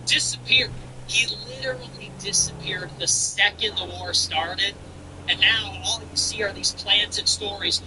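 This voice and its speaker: A man's voice: high-pitched, measured pace, background noise. A man hosting a livestream, chatting casually and ranting bluntly with frequent profanity. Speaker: livestream host.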